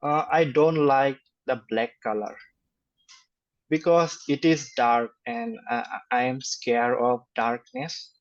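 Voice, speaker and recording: A young man in his twenties whose first language is Bengali, answering exam questions slowly and hesitantly with frequent fillers and a flat, even rhythm. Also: medium pitch. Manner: slow, hesitant, many fillers and flat syllable-timed delivery. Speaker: test candidate. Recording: dull lo-fi sound.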